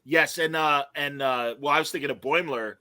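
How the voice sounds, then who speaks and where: Animated bright-voiced man hosting a chat show. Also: fairly high pitch, normal speed, no echo. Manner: animated, laughing, acting out quoted lines; reads listener comments aloud. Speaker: podcast host. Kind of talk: casual chat.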